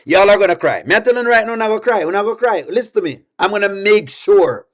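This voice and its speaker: High-voiced man reacting emphatically. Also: animated, fast talker, a bit bright. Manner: emphatic, repetitive, laughing often. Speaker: reaction video host. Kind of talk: casual reaction commentary.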